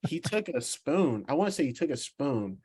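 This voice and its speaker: A man in his twenties from Georgia in the US, a professional baseball player telling an animated story in a casual interview, laughing and restarting his sentences. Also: a little high, moderate pace, breathy edge. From Georgia, USA. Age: 20s.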